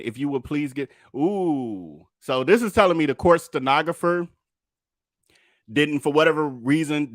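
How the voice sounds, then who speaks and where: A man reads court transcripts aloud and breaks off to talk casually to his listeners. His voice sits at a medium pitch. The recording is dry and close, with no room echo. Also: fairly bright tone. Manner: casual, addresses listeners as y'all. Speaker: true-crime commentator. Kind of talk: reading court transcripts with commentary.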